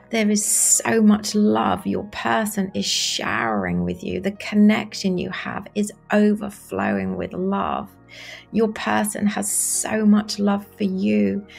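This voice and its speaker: A woman leads a guided meditation at a very slow, unhurried pace. Her voice is breathy with a gravelly edge of vocal fry, and soft instrumental music plays faintly behind her. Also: medium pitch. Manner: slow, soft and soothing, repeating phrases.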